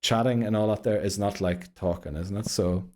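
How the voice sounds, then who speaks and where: A man's voice: fairly low pitch, steady tone, moderate pace, darkish tone. A man casually hosting a game live stream, laughing and greeting viewers by name. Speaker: streamer host.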